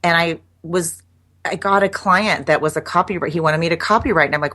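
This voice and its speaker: A woman's voice: fairly low pitch, fairly quick, sharp tone. A middle-aged woman guest chatting casually in an interview, laughing often and restarting her sentences. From United States.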